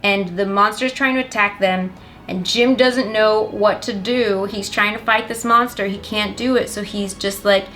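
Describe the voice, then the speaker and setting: A woman's voice: mid-range voice, fairly even intonation, normal speed, fairly bright tone, faint music behind. A young woman giving a rambling, sarcastic and profane comedic plot summary of a film. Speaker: comedic movie recapper.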